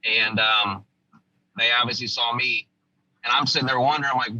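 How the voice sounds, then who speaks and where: A former army sergeant from the United States recounting a combat story as a podcast guest, telling it vividly and acting out what people said. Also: male voice, mid-range voice, fairly even intonation, moderate pace, bright, forceful tone, dry recording, highs cut off.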